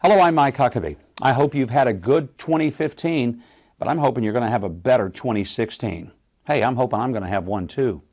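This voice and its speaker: Brief: male politician, relaxed folksy greeting, mid pitch. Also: brisk. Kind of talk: recorded New Year greeting.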